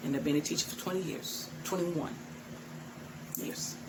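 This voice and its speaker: A woman's voice: deep voice, normal speed. A middle-aged woman who teaches tantra, talking frankly to her viewers and laughing often. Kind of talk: direct-to-camera talk. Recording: noisy background.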